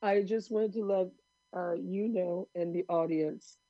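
A woman's voice: lowish voice, steady tone, measured pace, no echo. Hesitant woman on a dull remote line. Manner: hesitant, filler-heavy. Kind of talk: casual chat.

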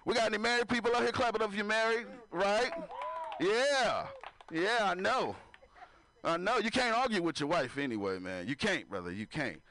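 A man doing stand-up before a live crowd, with a high voice that swings up and down a lot. His delivery is loose and conversational, and he keeps calling on the crowd to clap along. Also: lively intonation, normal speed, a bit bright, a little hiss or hum. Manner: laughs at his own jokes. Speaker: stand-up comedian. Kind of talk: stand-up comedy set. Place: comedy club stage before a live audience.

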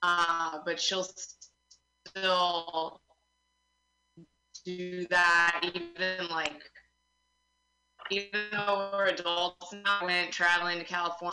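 A young woman doing a stand-up comedy set, deadpan and self-mocking, acting out the voices of people in her stories. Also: fairly low pitch, slow pace, long pauses, soft background music. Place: comedy open mic venue. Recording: roomy live venue sound.

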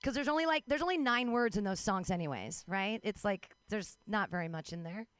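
A young adult woman doing a wry, self-mocking stand-up set out in the street, with quick asides and put-on voices. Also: medium pitch, lively intonation, fairly bright tone, clean tone, dry recording. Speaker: stand-up comic. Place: street outdoors.

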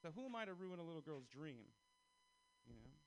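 Animated young man doing stand-up. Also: fairly high pitch, brisk, low-quality recording. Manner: animated, acts out other people's lines. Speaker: stand-up comedian. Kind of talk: stand-up comedy set.

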